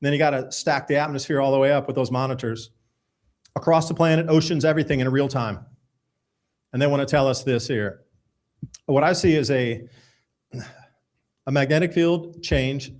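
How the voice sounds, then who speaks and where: A man's voice: medium pitch, darkish tone. A man hosting a live radio show, talking casually and emphatically while walking through news articles. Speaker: host.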